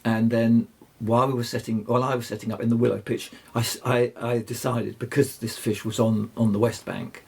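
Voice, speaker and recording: Gravelly older man telling stories. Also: medium pitch, level tone, a little mellow. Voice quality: gravelly, husky. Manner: rambling, halting with many restarts. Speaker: guest angler. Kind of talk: anecdotal storytelling.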